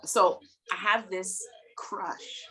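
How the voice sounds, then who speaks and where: A woman guest in a casual interview, retelling a story in an animated, dramatic way and laughing often. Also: medium pitch, drawn-out words.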